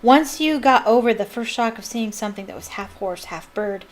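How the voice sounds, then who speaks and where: A woman's voice: fairly high pitch, animated, normal speed, poor audio. A woman who reads a novel aloud as a fan, with enthusiastic, chatty asides. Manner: enthusiastic, laughs at her own asides.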